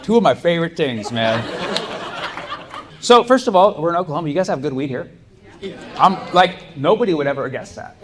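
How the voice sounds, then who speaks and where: Man, stand-up comedian, animated storyteller, frequent laughs, live club noise. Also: fairly high pitch, fairly quick, long pauses.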